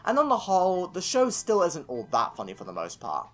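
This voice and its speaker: A man's voice: high voice, huge pitch swings, brisk, fairly bright tone, soft background music. A man from England with an English accent narrating a scripted video review of a cartoon series, opinionated and given to sarcastic little rants. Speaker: film and TV reviewer.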